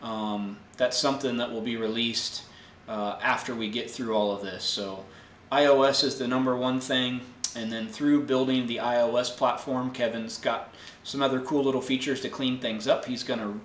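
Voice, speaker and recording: A man hosting a live question-and-answer show, explaining technical answers in a relaxed way with many fillers. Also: mid-range voice, normal speed, echoey room, a little hiss or hum. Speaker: host answering viewer tech questions. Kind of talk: casual live Q&A.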